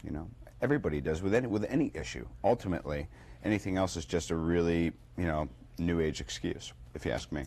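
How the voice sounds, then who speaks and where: A man giving a firm, measured opinion in an interview. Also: low-pitched, darkish tone.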